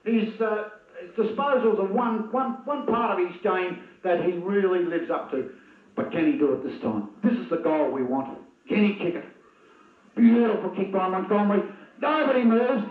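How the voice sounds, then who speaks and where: An Australian man giving live football commentary, excitable and openly biased toward one side. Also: sits high, normal speed. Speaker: match commentator. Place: at a football ground. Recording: tinny, echoey 1980s video tape.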